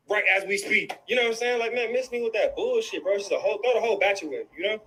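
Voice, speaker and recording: Fast, high-voiced man in an angry rant. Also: pushed and bright, slight background noise, poor audio. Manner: angry, profane, repeats himself, keeps saying "bro". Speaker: guest in a livestream clip. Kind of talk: heated personal rant.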